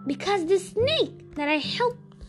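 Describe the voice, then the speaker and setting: A woman's voice: extremely high pitch, sing-song, slow pace, soft background music, pitched above the performer's own voice, full character voice. A woman voicing a scheming peasant man in a storybook reading, pleading and wheedling.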